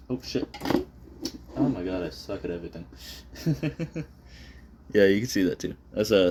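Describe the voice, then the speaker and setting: A very low-voiced man with a darkish tone talks casually as he draws for his vlog, recorded on a phone propped on his desk over a faint hiss. His talk is rambling and self-deprecating, packed with fillers and swearing.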